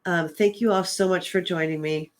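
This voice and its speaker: A woman hosting her own talk show tells a personal story in a relaxed, chatty way, in a somewhat low voice. She keeps acting out little bits of dialogue and fills gaps with "um". She comes across as earnest and a bit emotional. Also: normal speed. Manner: chatty, retells dialogue with "I'm like" and frequent "um". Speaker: host and psychic medium.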